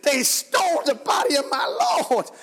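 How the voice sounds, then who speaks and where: Male preacher doing a desperate grieving woman: high, husky, pleading, repeating herself, church echo. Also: huge pitch swings, measured pace, sharp tone, full character voice. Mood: frantic. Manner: urgent, repetitive, pleading. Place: church sanctuary. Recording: long reverb in a large church hall.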